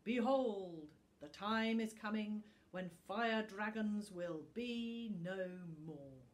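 A woman voicing a sneering magical book in a storybook reading, hissing and whispering, then breaking into shrill mocking laughter. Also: lively intonation, slow pace. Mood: solemn.

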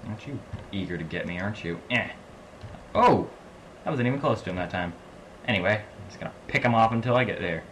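A man from the American South giving excitable let's-play commentary, swinging between low mumbles and loud laughing outbursts. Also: fast, a little hiss or hum. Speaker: gaming channel host.

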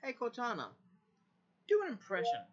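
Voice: mid-range voice, wildly swooping pitch, moderate pace. A person casually giving a voice assistant commands, repeating them and muttering curses. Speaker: user testing a voice assistant. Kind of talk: casual chat with a device. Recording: dull lo-fi recording, speaker away from the mic.

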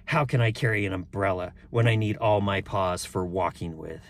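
A man's voice: low-pitched, moderate pace, dry recording. A man voicing a boastful, hungry tiger in a storybook, threatening to eat a child. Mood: reasoning.

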